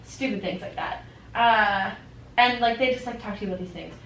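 A young woman chatting casually and telling animated stories, with constant "like" fillers. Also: medium pitch, a little fast. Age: young adult. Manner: animated storyteller, full of "like". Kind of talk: casual chat. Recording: roomy, distant mic, faint noise.

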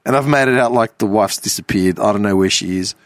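A man hosting a podcast, telling a story in an animated, casual way with some swearing. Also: lowish voice, dry recording. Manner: animated, swearing, quick bursts of laughter. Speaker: podcast host.

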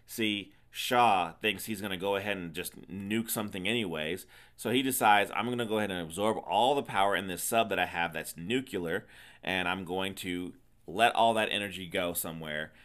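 A podcast co-host with a deep, fairly bright voice at normal speed retells a film's plot in a casual movie recap chat. His manner is teasing and emphatic.

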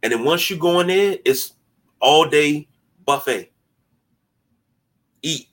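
A man hosting a sports podcast in casual talk, animated and mocking, often stumbling over repeated words as he starts a thought. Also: on the high side, slow pace. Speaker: podcast host.

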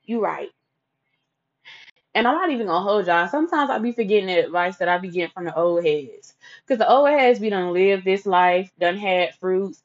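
A woman's voice: mid-range voice, animated, fairly quick, dull audio. A woman telling a candid, profane personal story in a casual monologue.

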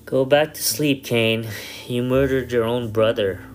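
A woman's voice: extremely low pitch, fairly even intonation, a little slow, faint music behind. A man voicing a restless, eager young woman who needles her friends in a storybook reading. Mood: needling.

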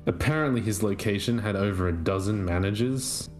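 A man's voice: on the low side, a little fast, faint music behind. A man, co-hosting a podcast in casual chat, dry and wry as he poses pointed questions. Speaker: podcast co-host.

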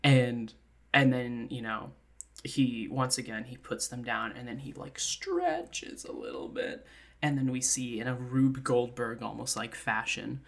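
Very low-voiced woman telling stories. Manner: animated storytelling with acted-out quotes and frequent laughter. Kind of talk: casual comedic retelling.

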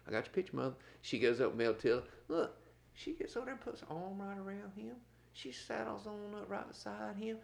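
A gravelly middle-aged man spins a story for a podcast. His voice swings up and down as he goes, and he laughs as he talks. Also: high voice, expressive, fairly quick. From North Carolina, US. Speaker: podcast co-host. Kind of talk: casual storytelling chat.

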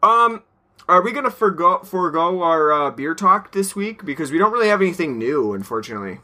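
A man with a bright, slightly high voice, chatting easily with a co-host. He keeps a loose, laid-back rhythm, laughs readily and fills gaps with ums and likes. The talk stays unhurried and friendly. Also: expressive. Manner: laid-back, laughs often, trails off with fillers. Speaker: podcast co-host. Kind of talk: casual chat.

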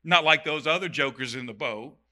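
A man preaching a sermon, reading scripture aloud and breaking in with animated, joking comments. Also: a little high, a little fast. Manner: animated, reads verses then comments with jokes.

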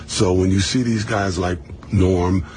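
Deep-voiced older man, self-assured. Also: fairly even intonation, a little slow, darkish tone, slight background noise.

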